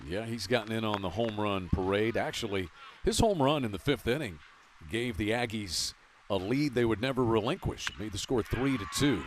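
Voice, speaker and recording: A man's voice: on the low side, animated. Male baseball play-by-play announcer. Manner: brisk, rises to shouts on big plays. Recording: noisy ballpark broadcast.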